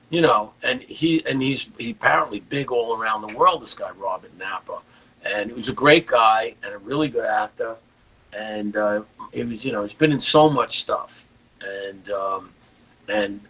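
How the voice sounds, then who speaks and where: A man's voice: lowish voice, bright, forceful tone, husky, rough recording. An older man, a guest rock guitarist, telling rambling anecdotes in a casual interview.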